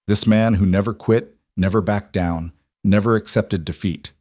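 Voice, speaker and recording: A man narrating a scripted story in a steady, measured way. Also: fairly low pitch, no echo, studio quality.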